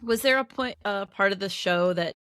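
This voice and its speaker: A woman co-hosting a podcast, chatty and quick to laugh, asking questions in casual conversation. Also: medium pitch, a bit bright, dry recording, studio quality. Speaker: podcast co-host. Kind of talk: casual chat.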